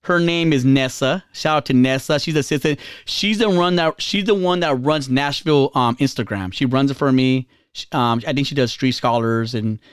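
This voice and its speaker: A man hosting a casual podcast, telling a bar story in an animated way. His pitch leaps up whenever he acts out what other people said. The sound is close and dry, with no room echo. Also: moderate pace, few pauses, clean tone. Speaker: podcast host.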